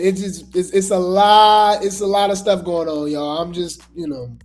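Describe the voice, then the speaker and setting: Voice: medium pitch, steady tone, moderate pace, few pauses, darkish tone, faint music behind. Chatty gossip commentary host. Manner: chatty, trailing off with repeated asides.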